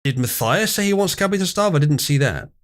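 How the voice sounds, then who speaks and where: A man's voice: on the high side, lively intonation, brisk. A young man hosting a live stream, wryly reading memes and chat messages aloud with theatrical emphasis. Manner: wry, mock-outraged, reads memes aloud with theatrical emphasis. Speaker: livestream host.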